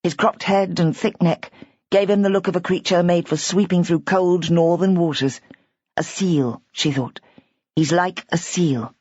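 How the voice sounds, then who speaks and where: A woman narrating a mystery audiobook in a measured, even way. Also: lowish voice, no room sound. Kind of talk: scripted narration. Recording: dull, lo-fi audiobook recording.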